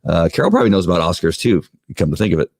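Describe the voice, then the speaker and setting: Low-pitched male co-host, middle-aged, dry close sound, jokey and halting. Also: very animated, gravelly, a little mellow, husky, no echo. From United States. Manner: joking, halting with restarts. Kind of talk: casual chat.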